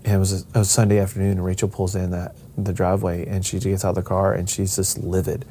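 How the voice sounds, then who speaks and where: A man's voice: low-pitched, fairly even intonation, a little fast, mellow, slight background noise. A middle-aged man telling a personal family story in a casual way, rambling with restarts and acting out the voices of the people he quotes.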